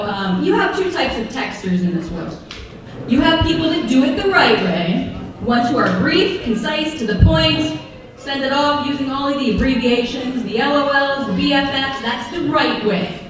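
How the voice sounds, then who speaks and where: A woman performing a stand-up routine, sarcastic and animated as she tells stories. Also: sits high, normal speed, noisy background. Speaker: stand-up comedian. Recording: echoey venue, mic far off.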